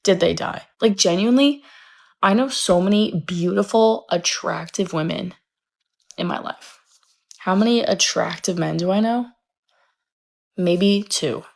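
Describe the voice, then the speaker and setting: A woman's voice: medium pitch, unhurried, creaky, pauses often. A young woman complains wryly and whinily in a casual vlog to camera. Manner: whiny, wry complaining.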